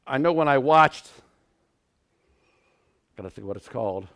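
A middle-aged man preaching a sermon, telling stories and swinging from quiet asides to loud outbursts. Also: medium pitch, lively intonation, a little slow, muffled recording.

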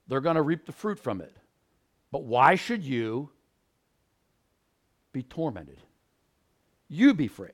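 A man's voice: mid-range voice, very animated, slow, pauses often. Male preacher, mid-range voice, sermon delivery, earnest with impassioned swells. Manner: swings from quiet earnest teaching to loud pleading.

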